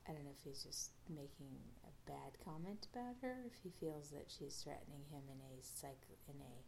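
A woman hosts a podcast and recaps an episode in a loose, rambling way, full of fillers and restarts. Her voice sits low and has a gravelly fry. The tone is dark and mellow. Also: moderate pace, slight background noise. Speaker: podcast host.

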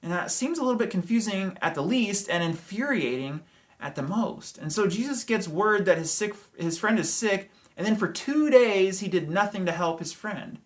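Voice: medium pitch, animated, moderate pace. A pastor preaching a sermon in a conversational way, with hedges, rhetorical questions and light chuckles.

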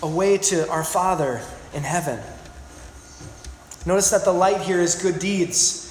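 A pastor delivers an emphatic sermon in a high-pitched voice at a measured pace, repeating phrases and putting questions to the congregation. The hall is very echoey, with faint room noise.

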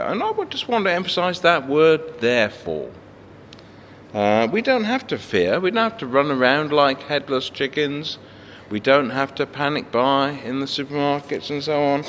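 Slow-speaking pastor in a reverberant hall. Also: male voice, medium pitch, slight background noise. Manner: slow, gentle, thoughtful delivery with restarts. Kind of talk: reflective sermon with scripture reading. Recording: faint hall reverb, light background ambience.

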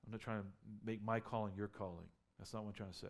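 Guy pastor giving a sermon, gravelly low voice, lots of questions thrown at the crowd. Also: fairly even intonation, quick pace. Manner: conversational preaching, rhetorical questions, building to emphatic peaks.

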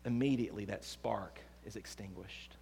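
A man preaching a sermon as pastor, swinging between hushed and emphatic delivery. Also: fairly low pitch, moderate pace, creaky, a little hiss or hum. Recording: long hall reverb.

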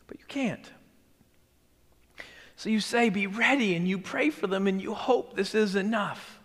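A man preaching a sermon as pastor, talking conversationally and sinking to a hushed near-whisper for emphasis. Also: high voice, measured pace, long reverb tail.

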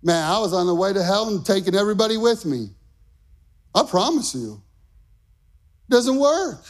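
Middle-aged male preacher, high voice, passionate pulpit delivery. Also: very animated, normal speed. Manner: impassioned, emphatic preaching with rising shouts. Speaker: pastor. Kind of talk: sermon.

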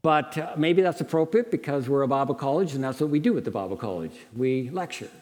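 A man's voice: mid-range voice, lively intonation, quick pace, darkish tone, in a large hall. A man preaching a sermon at a Bible college in an earnest, lecturing tone that rises into passionate pleading.

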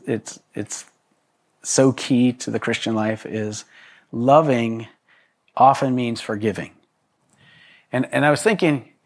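A man preaching to a congregation in a loose, conversational way, with joking asides and frequent restarts. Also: mid-range voice. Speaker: pastor. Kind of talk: conversational sermon.

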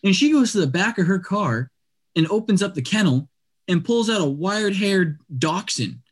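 A man's voice: high-pitched, normal speed, breathy edge. Chatty young man telling a story. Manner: animated, chatty, heavy use of "like" and "dude". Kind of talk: casual podcast storytelling.

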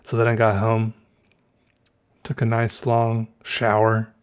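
A man's voice: lowish voice, monotone, slow, clear, resonant tone. A man with a Southern US accent talking to his viewers in a casual, meandering way, correcting himself and musing aloud. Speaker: vlogger. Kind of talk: casual rambling monologue.

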